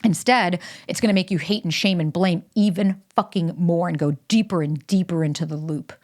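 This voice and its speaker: A woman's voice: on the low side, moderate pace, darkish tone. A woman hosting a solo podcast, talking casually and emphatically, with frequent swearing. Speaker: podcast host. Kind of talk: solo podcast monologue with ad read.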